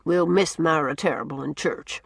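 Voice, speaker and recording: A woman voicing a brisk, outspoken older village woman with blunt, gossipy opinions. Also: sits low, creaky, husky, dry recording, exaggerated voice.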